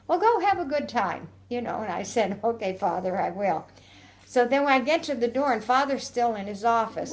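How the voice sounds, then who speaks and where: An older woman telling an oral history story in a chatty, rambling way, quoting old conversations and often laughing. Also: medium pitch. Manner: chatty, rambling with restarts and quoted dialogue. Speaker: interviewee.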